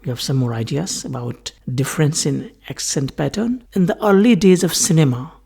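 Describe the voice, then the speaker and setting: A man giving a recorded linguistics lecture, explaining slowly and repeating his points. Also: fairly high pitch, vocal fry, a little mellow, breathy edge.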